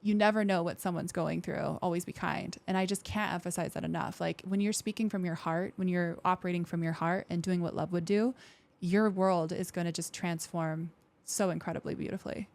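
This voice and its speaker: A woman with a slightly low voice talks as a guest in a casual interview. She speaks candidly and frankly, slipping into lively voices whenever she quotes what people say or think. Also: fairly quick, creaky. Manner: frank, with occasional swearing. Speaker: podcast guest, military veteran.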